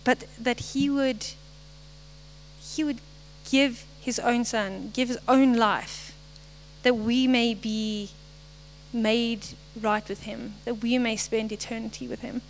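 A young woman giving a short, earnest devotional message, halting now and then and apologizing as she goes. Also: a little high, fairly even intonation, slight background noise, poor audio. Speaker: lay speaker.

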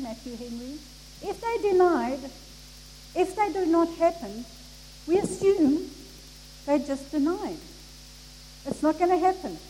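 Woman preacher, high and lively, slow deliberate delivery, echoey hall. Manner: expressive, acts out the people in the story. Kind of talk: sermon. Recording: echoey hall with faint noise.

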